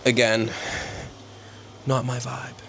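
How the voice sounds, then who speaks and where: A young man vlogging casually from his bedroom, rambling and halting with many fillers. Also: mid-range voice, flat delivery, gravelly, fairly bright tone, slight background noise. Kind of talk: casual self-interview. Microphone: small handheld camera.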